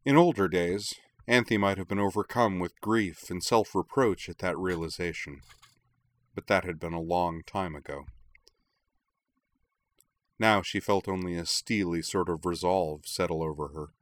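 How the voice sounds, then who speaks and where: A man narrating a story aloud in a measured, quiet way. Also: deep voice, dry recording. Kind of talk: reading fiction aloud.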